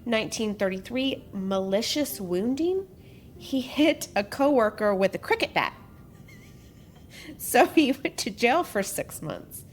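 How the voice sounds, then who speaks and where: A woman's voice: a little high, big pitch swings, unhurried, a little hiss or hum. A woman hosting a podcast, reading a true-crime story in a casual way and breaking off for joking asides. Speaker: podcast host.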